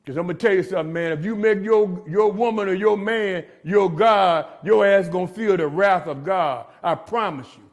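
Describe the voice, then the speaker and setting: A man's voice: high voice, normal speed, hardly any pauses. A middle-aged man giving a streetwise recovery testimony to inmates, preachy and calling everyone "man" as he talks. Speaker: recovery speaker. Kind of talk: testimony talk. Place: jail meeting room.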